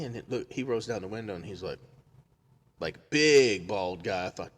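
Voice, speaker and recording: A man's voice: fairly low pitch, moderate pace. A man telling a funny story in a casual chat, laughing often and acting out the people in it. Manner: animated, laughs often, acts out quotes.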